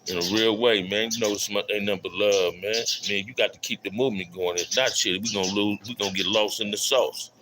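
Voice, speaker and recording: A man's voice: lowish voice, steady tone, fairly quick, hardly any pauses, background noise. A middle-aged man hosting a casual livestream, reading chat aloud, repeating his phrases and calling out viewers in loose street slang. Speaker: livestream host. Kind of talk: casual live stream talk reading chat.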